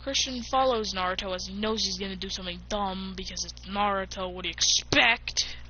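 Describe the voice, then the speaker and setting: A woman casually narrating a homemade fan story, with quick chatty asides, on a dull lo-fi recording. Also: medium pitch, pushed and bright, a little hiss or hum.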